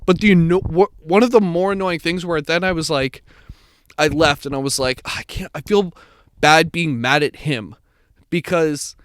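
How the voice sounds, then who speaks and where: A man's voice: a little high, moderate pace, clear, resonant tone, no echo. A young man co-hosting a podcast, telling a long story in casual chat, swearing and acting out the people in it. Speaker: podcast co-host.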